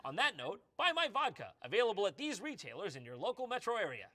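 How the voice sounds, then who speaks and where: A man hosting a reaction commentary, mocking a clip with sarcastic jokes and loud outbursts. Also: high voice, wildly swooping pitch, quick pace, no room sound. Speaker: host.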